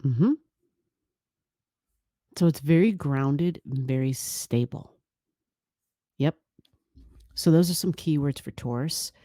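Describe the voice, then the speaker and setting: A woman hosts an astrology video in a playful, chatty manner, speaking low and slowly. Her tone is mellow and warm. The close, dry sound has no room echo. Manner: playful, laughing, chatty with quoted asides. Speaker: astrology channel host. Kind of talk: casual explanatory talk to camera.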